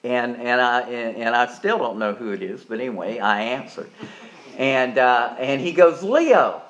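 A man preaching a sermon, folksy and emphatic, jumping from quiet asides to loud stressed lines and often repeating words as he starts a sentence. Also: mid-range voice, moderate pace, lo-fi sound.

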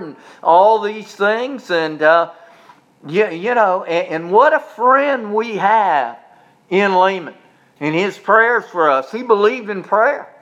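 A man preaching a sermon in a folksy way, stumbling over and repeating words, then swelling into loud, lifted preaching. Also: sits high, muffled recording. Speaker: pastor.

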